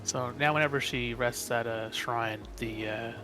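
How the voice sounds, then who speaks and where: A man with a mid-range voice explains a game run for viewers in a relaxed, dry way. Faint music and keyboard typing sit behind him. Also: mid-range voice, unhurried. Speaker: run commentator. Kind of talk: live commentary on a speedrun.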